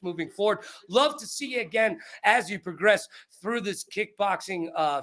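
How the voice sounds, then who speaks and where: A man in his forties hosting an interview, joking and playful in casual chat. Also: high voice. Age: 40s. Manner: joking, animated, playful asides. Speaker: host.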